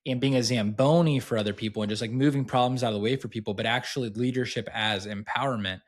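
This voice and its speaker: A man in his thirties co-hosts a casual podcast chat. His voice sits at an ordinary middle pitch, and he tells lively stories, often restarting his sentences as he goes. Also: quick pace. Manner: animated storyteller, many restarts. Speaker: podcast co-host.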